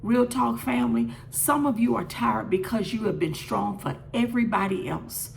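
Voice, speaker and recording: A middle-aged woman gives a midday devotional, talking straight to her listeners and leaning on repetition. Her voice sits fairly high and carries a gravelly rasp. A faint hiss and some room sound stay underneath. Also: normal speed. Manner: earnest, direct address with repeated phrases. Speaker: host of a faith encouragement show.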